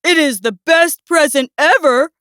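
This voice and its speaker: A woman doing a pompous slow-talking bear. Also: high-pitched, big pitch swings, fairly bright tone, no room sound, clean studio sound, heavily acted. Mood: declaiming. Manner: slow, grand, declaiming. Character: pompous stern male bear, fond of pickles.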